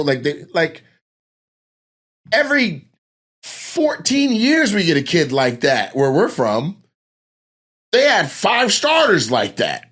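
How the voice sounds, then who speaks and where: A man from Washington State, a guest comedian, telling a story in casual, animated, profane chat and acting out other people's voices. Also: fairly high pitch.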